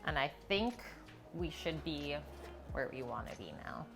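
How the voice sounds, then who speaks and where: A woman's voice: low voice, very animated, a little slow, creaky, music in the background. A woman hosting a live cooking stream from her home kitchen, chatting casually and explaining each step as she goes. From Canada.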